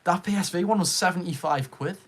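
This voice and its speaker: A man's voice: sits high, brisk. A young man with a Geordie accent hosts a casual live stream from his room. He chats easily with viewers, hypes up the chat and reads out their names as they come in. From Northeast England. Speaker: livestream host.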